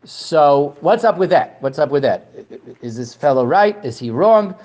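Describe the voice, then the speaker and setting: A man giving a Torah lesson to a class, animated, asking questions and often repeating words. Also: a little high, unhurried, lo-fi sound. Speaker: Torah teacher. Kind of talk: lecture to a class.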